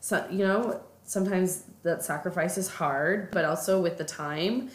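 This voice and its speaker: A woman's voice: on the low side, unhurried. A woman co-hosting a podcast, chatting casually about a book and retelling its plot at length. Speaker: podcast co-host. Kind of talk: casual book-club chat. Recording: echoey room.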